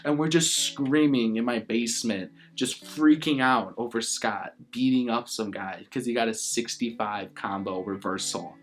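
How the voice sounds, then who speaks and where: A man's voice: medium pitch, unhurried, hardly any pauses. A young man being interviewed about a favorite film, talking in a rambling, enthusiastic way with lots of "like" fillers.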